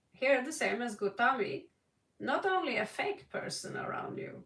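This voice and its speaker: A woman's voice: fairly high pitch, animated, normal speed, creaky, fairly bright tone. A woman from Norway giving a live tarot reading, chatty and laughing often, calling viewers by name. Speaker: tarot reader. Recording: roomy echo, distant mic.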